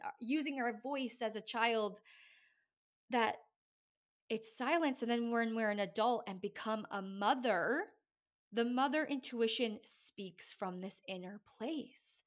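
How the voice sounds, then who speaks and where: A woman hosting an interview, talking earnestly and emphatically in a casual chat, building her points through rhythmic repetition. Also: mid-range voice. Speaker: podcast host.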